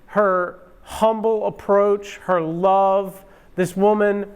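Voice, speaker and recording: A man giving personal testimony in a courtroom, halting and emotional, often stumbling over his words. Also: sits high, clear, resonant tone.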